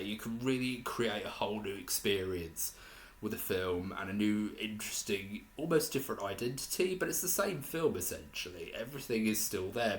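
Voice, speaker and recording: A young man with a fairly low voice talks through a film review, rambling and hesitant, often stopping to restart a thought. His voice carries a noticeable room echo. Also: fairly bright tone. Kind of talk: casual spoken review.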